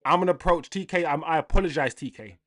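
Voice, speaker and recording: A young man with a fairly high voice talks fast while hosting a fan livestream. He rants angrily to his chat in a casual, lively way, with laughs mixed in.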